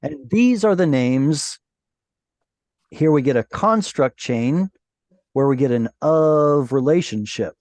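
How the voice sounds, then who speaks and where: A man teaching a Hebrew class over a video call, explaining patiently and sounding out Hebrew words slowly. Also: on the high side, animated, darkish tone, no room sound.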